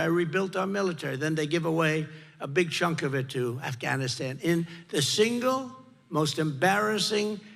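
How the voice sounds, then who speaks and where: A man's voice: sits high, vocal fry, a bit bright. An older man giving an off-the-cuff campaign rally speech into a podium microphone, repeating short emphatic lines. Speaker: political candidate. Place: large rally venue before a crowd. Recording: reverberant rally PA, faint crowd.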